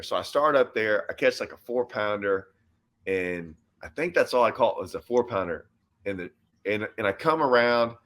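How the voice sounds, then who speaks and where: Man in a relaxed conversational chat, talks like a pro angler, spins a long story, acts out the quotes in his tale. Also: lowish voice. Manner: animated storyteller who acts out his own and others' quoted lines. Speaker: host and professional bass angler.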